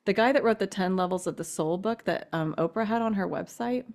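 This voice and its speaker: A woman's voice: mid-range voice, fairly quick, creaky, darkish tone. A woman co-hosting a podcast, talking through a question in a candid, rambling way, full of "like" and restarts, with a casual swear now and then. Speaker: podcast co-host asking a question. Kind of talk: casual chat.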